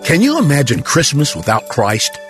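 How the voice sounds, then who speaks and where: Male program announcer, very animated pitch, scripted intro over music. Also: moderate pace. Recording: music bed behind the voice.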